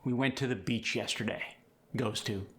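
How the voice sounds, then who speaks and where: Male accent coach hosting a tutorial, bright and forceful tone, clear and explanatory delivery. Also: mid-range voice, moderate pace. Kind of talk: instructional tutorial.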